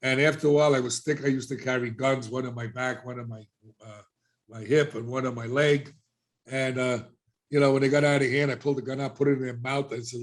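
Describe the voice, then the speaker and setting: A middle-aged man recounting his past in a relaxed podcast conversation. He tells it with lively energy, jumping into other people's voices as he quotes them. His voice sits in a mid range. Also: medium pitch, brisk. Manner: animated storyteller, acting out quoted voices. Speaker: guest. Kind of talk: casual storytelling.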